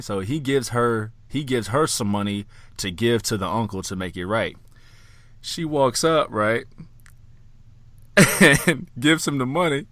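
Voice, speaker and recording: Animated, swearing male podcast co-host. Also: on the low side, measured pace, no echo. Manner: animated storyteller, laughs loudly, swears freely. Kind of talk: casual chat.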